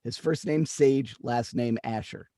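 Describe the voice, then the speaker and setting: A man co-hosting a podcast, telling anecdotes in crude, animated casual chat. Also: medium pitch, measured pace, no room sound, clean studio sound. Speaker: podcast co-host.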